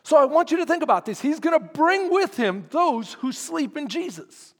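A man's voice: very high-pitched, lively intonation, normal speed, fairly bright tone, big-room sound. A man preaching a sermon as pastor, emphatic and quizzing his congregation. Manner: emphatic, asks the congregation questions.

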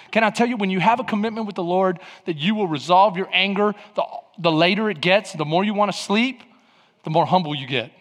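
A man preaching a sermon, telling stories animatedly with bursts of shouting. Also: high voice, quick pace, in a large hall. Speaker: pastor.

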